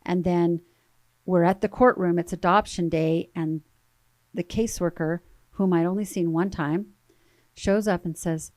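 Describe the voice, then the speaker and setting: A woman's voice: on the low side, fairly even intonation, a little mellow, dry recording. Earnest woman telling her story. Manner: earnest, halting with repeated words. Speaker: guest. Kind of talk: emotional personal storytelling.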